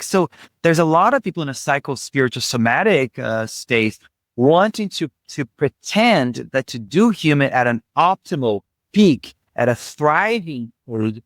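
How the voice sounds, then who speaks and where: A man's voice: a little high, no echo, studio quality. A man speaking as a spiritual teacher in an interview, reflective and searching for words, then emphatic. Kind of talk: conversational interview.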